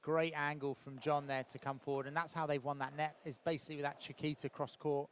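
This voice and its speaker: A man calls a padel match in a loose, conversational way, his voice sitting a little higher than most men's. He fills gaps with ums and small chuckles. A faint hiss of noise runs under the recording. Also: fast talker. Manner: relaxed, chatty, with frequent ums and laughs. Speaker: padel coach commentating a match. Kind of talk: live match commentary.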